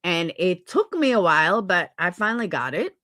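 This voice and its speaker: A woman's voice: on the low side, sing-song, normal speed, fairly bright tone, dry recording. A woman streamer venting in an angry, profane rant on a livestream. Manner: heated, profane, repetitive venting. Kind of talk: angry ranting livestream commentary.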